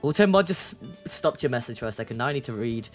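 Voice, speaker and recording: Chatty, giggly streamer with a mid pitch and lively swings, faint music behind. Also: fast talker. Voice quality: giggly, chatty, laughs often. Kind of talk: reading a text game aloud and chatting.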